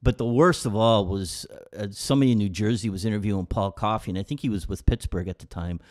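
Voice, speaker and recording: Man co-host telling lively stories. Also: fairly low pitch, fast. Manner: lively anecdote telling, acting out quoted people. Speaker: podcast co-host. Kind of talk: casual storytelling chat.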